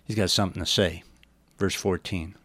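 A man teaching verse by verse through a Bible passage, reading the scripture slowly and then explaining it in plain words with folksy asides. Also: sits low, fairly even intonation, fairly bright tone, dry recording.

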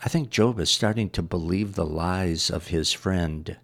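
Speaking in a low voice and a little slowly, a man preaches through scripture line by line, driving his points home by repeating phrases.

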